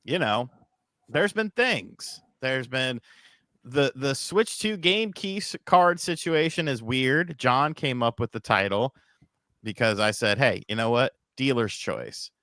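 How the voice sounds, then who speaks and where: A mid-range male voice, slow and fairly bright, comes through clean studio sound with no echo. He's a podcast host on a livestream, tired after little sleep, wandering from topic to topic, cursing freely, reading donations, and laughing at his own material.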